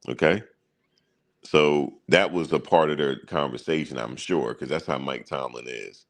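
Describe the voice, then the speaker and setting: A man's voice: rumbling low, a little slow. A man hosting a sports channel, chatting casually in loose, slangy banter and chuckling at his own stories.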